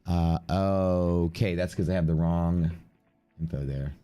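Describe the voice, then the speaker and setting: Low-voiced stuffy man thinking aloud. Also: steady tone, slow, mellow, smooth, soft background music. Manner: offhand, thinking aloud while reading out numbers. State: congested with sniffles. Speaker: live-stream day trader. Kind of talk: casual live-stream commentary.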